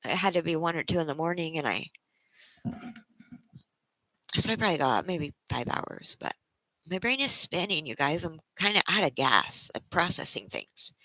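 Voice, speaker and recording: A tired woman livestreaming to her viewers, close to tears, speaking in halting, emotional bursts and restarting her sentences. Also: sits low, lively intonation, bright, forceful tone, dry recording, poor audio. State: tired from a sleepless night. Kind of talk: casual live-stream chat.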